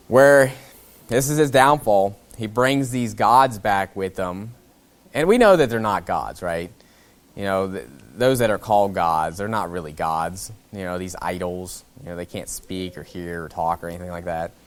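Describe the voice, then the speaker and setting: A male pastor preaching a casual expository sermon, voicing the kings' lines in his own plain voice and swinging between loud emphatic bursts and quiet asides. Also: fairly low pitch.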